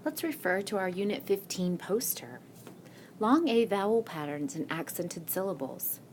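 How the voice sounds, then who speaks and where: A woman with a medium-pitched, darkish voice and lively intonation gives a recorded spelling lesson. Patient and slow, she asks questions and answers them herself, and the screen-recording mic picks up a little hiss or hum.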